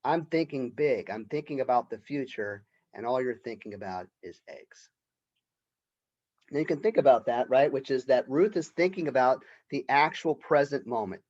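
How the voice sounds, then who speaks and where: A man's voice: medium pitch, animated, moderate pace, a little mellow, lo-fi sound. Conversational male college lecturer. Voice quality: conversational, often tags lines with "right?". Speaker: college literature professor. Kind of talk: recorded lecture.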